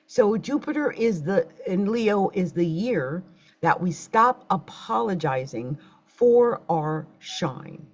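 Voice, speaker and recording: The dull, lo-fi audio carries a woman's medium-pitched, expressive voice as she slowly chats through a casual astrology livestream. She speaks directly to her viewers and gets flustered whenever tech trouble hits.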